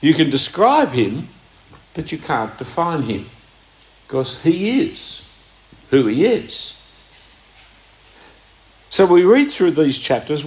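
A man with an Australian accent preaching a sermon, telling a story in a conversational way with emphatic stresses. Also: on the high side. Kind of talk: sermon with anecdote. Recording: echoey room.

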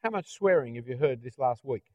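A man's voice: medium pitch, lively intonation, a little fast, a little mellow, no echo. A middle-aged Australian man preaching a sermon in a conversational way, often ending points with rhetorical tag questions. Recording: dull, dry, lo-fi.

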